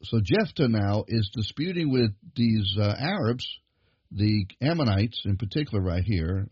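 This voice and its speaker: A low, husky-voiced man preaching a sermon, pressing his points with rising emphasis. The sound is dry and close, with a dull, lo-fi quality to the recording. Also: animated, unhurried, dry recording. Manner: emphatic preaching, building in pitch and force.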